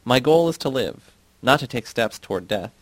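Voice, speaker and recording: Man in a measured audiobook reading. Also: mid-range voice, expressive, no room sound. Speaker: audiobook reader. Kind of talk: reading a novel aloud.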